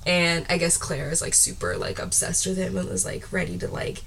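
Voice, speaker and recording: Animated young woman recapping a film. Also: on the low side, gravelly, slight background noise. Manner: animated, acts out characters in quick put-on voices, laughs often. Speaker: podcast co-host. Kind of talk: casual chat recapping a film.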